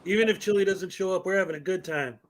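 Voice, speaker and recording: A man's voice: high-pitched, fast talker. A man co-hosting a casual livestream over a call, laughing a lot and cheering his partner on. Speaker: co-host on a stream call. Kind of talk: casual live-stream chat.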